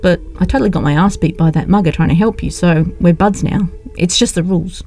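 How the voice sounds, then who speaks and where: A woman voicing a calm, easygoing young man who speaks quietly. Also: fairly low pitch, a little fast, soft background music, natural voice.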